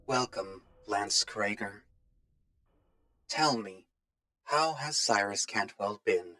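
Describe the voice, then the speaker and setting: A man reading a story aloud, voicing an ancient, mummy-like tyrant king with a hollow mechanical voice, cold and measured in how he speaks. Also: on the low side, expressive, bright, forceful tone, dry recording, full character voice. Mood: cold, arrogant.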